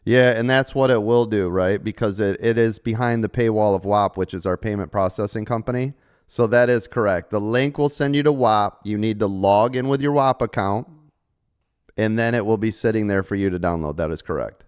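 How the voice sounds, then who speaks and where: A man's voice: on the low side, a little fast, clean tone. A middle-aged man hosting a live trading stream, talking casually and salesy to members, joking and tossing in "right?" often. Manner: chatty, salesy, jokey with frequent rhetorical "right?".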